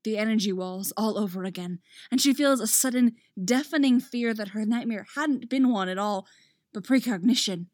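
A woman reading a fan fiction story aloud as narrator, steady and expressive. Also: on the high side, normal speed, no echo, clean studio sound.

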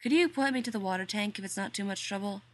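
A tall, courteous workman who speaks in a mild, polite way, as a woman reader voices him. It is a calm storybook reading. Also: mid-range voice, fast, close to an everyday voice. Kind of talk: audiobook reading.

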